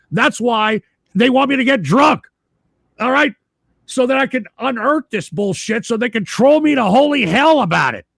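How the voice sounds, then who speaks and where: A man hosting a live stream, talking bluntly with lots of swearing and repetition, rising into shouts when worked up. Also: high-pitched, creaky, no echo, studio quality. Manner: blunt, swearing, repeats himself. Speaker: livestream host. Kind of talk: profane live stream talk.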